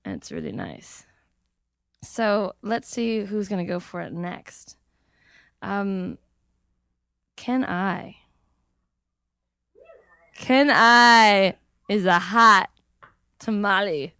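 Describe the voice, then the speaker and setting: A woman hosts a live storytelling event in a chatty, loose way, full of fillers and light laughter. She speaks slowly, and her voice sounds close and dry. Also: medium pitch, expressive, vocal fry, bright, forceful tone, clear, resonant tone, no room sound. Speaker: event host. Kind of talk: casual hosting chat.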